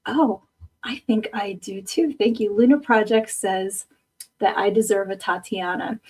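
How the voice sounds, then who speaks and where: A woman's voice: medium pitch, unhurried, a little mellow, breathy edge. A woman in her fifties hosts a live podcast, chatting loosely with her viewers. She rambles and laughs easily, and sounds tired after a short night's sleep. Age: 50s. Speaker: podcast host. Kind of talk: casual live-stream chat.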